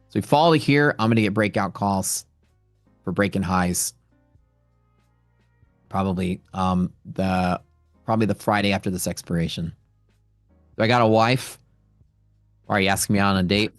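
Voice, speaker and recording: A man's voice: fairly low pitch, no echo. A man hosting a livestream from home, rambling in casual chat and answering viewer questions. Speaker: livestream host and futures trader.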